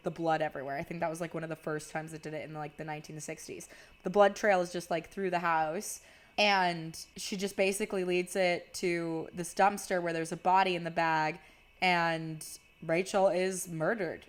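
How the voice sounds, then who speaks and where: A young woman casually recapping a movie plot, chatty and peppered with "like", swearing freely. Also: fairly low pitch.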